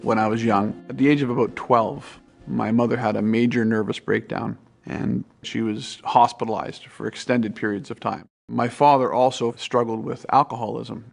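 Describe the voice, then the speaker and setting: A man's voice: mid-range voice, steady tone, normal speed, creaky, hardly any pauses, faint music behind. A middle-aged man giving an earnest, reflective personal testimony about his life. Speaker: testimony speaker.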